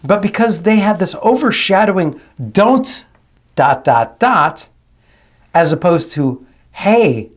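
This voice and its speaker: A man's voice: sits high, lively intonation, slow pace. A man who works as a dialect coach hosts his channel, giving emphatic commentary and repeating his key phrases. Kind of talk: analytical commentary to camera.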